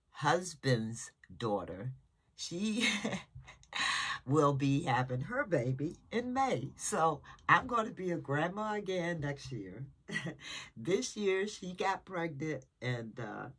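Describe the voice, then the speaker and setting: Older woman, home vlogger, husky voice, slow unhurried rambling chat to camera. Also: sits low, a bit bright. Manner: chatty, jumps between topics, emotional. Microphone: camera nearby.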